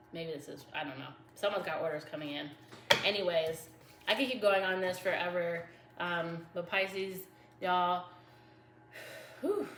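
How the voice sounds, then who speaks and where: Chatty tarot-reading woman in an echoey room. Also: on the low side. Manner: chatty, laughing, slangy, addresses viewers as y'all. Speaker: tarot reader. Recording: echoey room with faint background noise.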